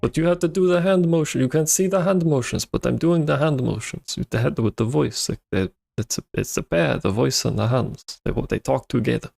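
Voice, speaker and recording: A man's voice: mid-range voice, brisk, gravelly, few pauses, a little mellow. A man streaming a video game, chatting casually with rambling, playful asides. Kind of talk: casual gameplay commentary.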